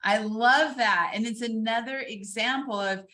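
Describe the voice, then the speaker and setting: A woman hosting a video-call panel, enthusiastic and quick to laugh. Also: on the high side, bright, forceful tone. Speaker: host. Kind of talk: casual panel chat.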